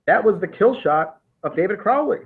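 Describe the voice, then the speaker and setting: A man with a high-sitting, animated voice speaks at a normal speed as a podcast host. In an easygoing investigative discussion, he methodically recounts the case, restarting often, and the audio has a tinny, phone-like quality.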